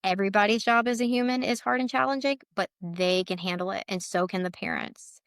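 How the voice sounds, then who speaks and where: This letter board practitioner, a guest in a casual interview, talks earnestly and with emotion, saying "like" again and again. She has a smooth mid-range voice and a brisk delivery, captured dry in a clean studio.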